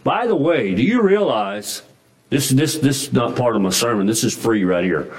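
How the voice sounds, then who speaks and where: A man's voice: mid-range voice, very animated, normal speed, darkish tone, low-quality recording. A man preaching a sermon in a folksy, emphatic way, with frequent restarts and chuckles. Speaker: pastor.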